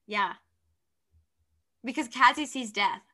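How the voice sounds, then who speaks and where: Woman co-host, bright tone, eager, casual book talk. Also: on the high side, expressive, slow pace. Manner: enthusiastic, reads passages aloud. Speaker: podcast co-host. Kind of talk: casual chat about books.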